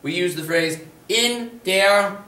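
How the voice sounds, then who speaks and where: A man teaching a slide-based language lesson, slowly and carefully modeling each phrase for learners to repeat. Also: high voice, sharp tone, distant mic. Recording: echoey room, voice a bit off-mic.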